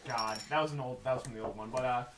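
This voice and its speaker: A man co-hosting a podcast, telling convention stories in a casual, animated way and acting out the quotes. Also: mid-range voice, racing, crowd noise. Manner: animated, laughing retelling with acted quotes. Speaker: podcast co-host. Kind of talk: casual storytelling chat. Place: room at an anime convention. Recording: roomy, noisy room recording.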